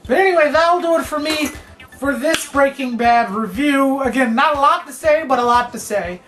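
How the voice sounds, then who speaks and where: High-pitched, excitable woman rambling on a review. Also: normal speed, soft background music. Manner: excitable, rambling, fills with "like" and "man". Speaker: TV episode reviewer. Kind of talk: casual spoken review.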